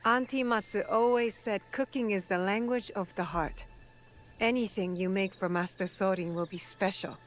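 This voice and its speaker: An actress voicing a calm, thoughtful young woman companion in a video game, speaking gently and reflectively. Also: medium pitch, normal speed, faint music behind, close to an everyday voice.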